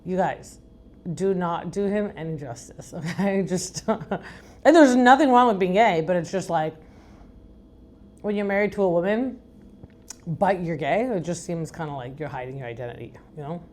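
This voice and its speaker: Middle-aged woman from Iran, deep and raspy, frank chatty podcast host who rambles. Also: animated, normal speed, a little mellow. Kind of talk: casual recap chat.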